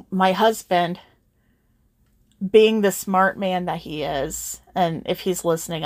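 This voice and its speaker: Slow, earnest low-voiced woman. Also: creaky, no room sound, studio quality. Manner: earnest, emotional, holding back tears. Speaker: channel host. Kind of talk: heartfelt personal talk to viewers.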